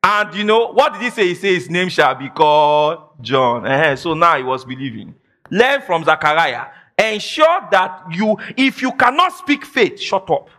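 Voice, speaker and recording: A man preaching a sermon as pastor, emphatic, repeating phrases and shouting declarations. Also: high voice, very animated, moderate pace. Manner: quotes imagined listeners in mock voices.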